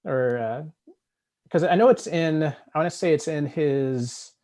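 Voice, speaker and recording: A man's voice: on the high side, a little slow, mellow. A man speaking as an author on a convention panel over a video call, talking in a hesitant way with many restarts and fillers.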